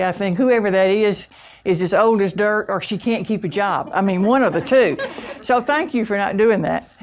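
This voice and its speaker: A woman with a deep Southern US accent, giving a humorous, folksy keynote talk full of self-deprecating stories and drawn-out vowels. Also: a little hiss or hum. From Southern US (Alabama, Mississippi). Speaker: keynote speaker.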